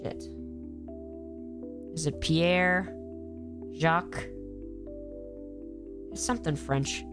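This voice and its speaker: Woman streamer, worn out and stuffy from a cold, loose profane chatter, music playing clearly behind her. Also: sits low, drawn-out words, long pauses. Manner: rambling, profane, answers chat. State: tired, with a cold. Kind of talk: casual live-stream commentary.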